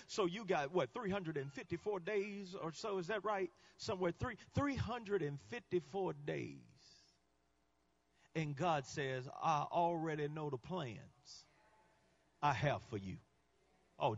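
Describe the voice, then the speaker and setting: A male guest preacher delivering a sermon, swinging between quiet teaching and shouted climaxes. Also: sits high, dull audio.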